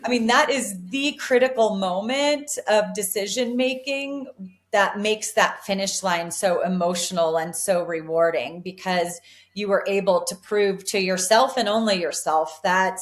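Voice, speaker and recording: A woman's voice: mid-range voice, measured pace. A woman in her forties, an elite distance runner, giving earnest, upbeat answers in an interview, often restarting her sentences. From United States. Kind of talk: reflective interview talk.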